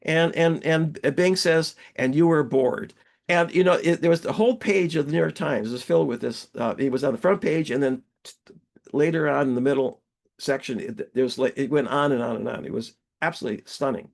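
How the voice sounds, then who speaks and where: A man giving an academic webinar lecture, telling anecdotes in a halting, digressive way with frequent restarts. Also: a little high, creaky.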